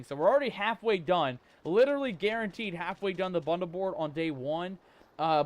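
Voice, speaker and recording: Chatty higher-voiced streamer man. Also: clean tone. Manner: chatty, greets viewers with pirate slang. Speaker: livestream host. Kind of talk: live gameplay commentary.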